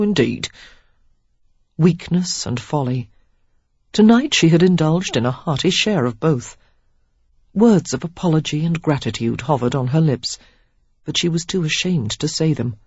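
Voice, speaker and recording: An audiobook narrator giving an expressive, lively reading of a romance novel. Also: mid-range voice, husky, no room sound, dull audio.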